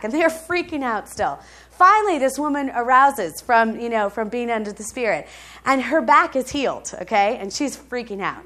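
Her voice sits high as she preaches, recounting her testimony with lively energy. Frequent laughter breaks through, and she regularly checks in with the people listening.

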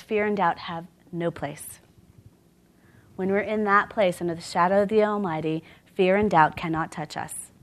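A woman's voice: mid-range voice, a bit bright. A woman preaching a sermon in a church, speaking conversationally with rhetorical questions and bursts of laughter.

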